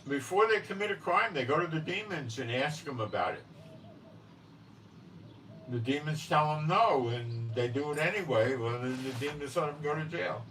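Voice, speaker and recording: A man delivers an unscripted religious monologue in a blunt, insistent manner, often pausing to ask if you follow. He sits back from the mic, with a faint hiss of noise underneath. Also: on the high side, expressive, a bit bright, far from the mic, rough recording. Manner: blunt and emphatic, often checks in with "okay?". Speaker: religious commentary host.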